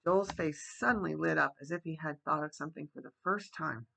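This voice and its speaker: Gravelly bright-voiced man reading a storybook. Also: fairly high pitch, a little fast, a little hiss or hum, poor audio. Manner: gentle bedtime-story reading, voicing characters lightly. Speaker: storybook reader. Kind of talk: reading a children's novel aloud.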